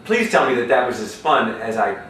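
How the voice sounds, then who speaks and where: A man's voice: mid-range voice, big pitch swings, fairly bright tone, far from the mic. A man hosting an entertainment interview, asking questions in an enthusiastic, teasing way. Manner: enthusiastic, teasing, quick to laugh. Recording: echoey room, voice from off mic, faint noise.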